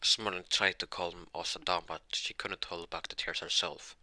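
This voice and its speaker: A man narrating an improvised fan-fiction story, halting with many restarts and self-corrections. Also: low voice, fairly even intonation, pushed and bright, dry recording.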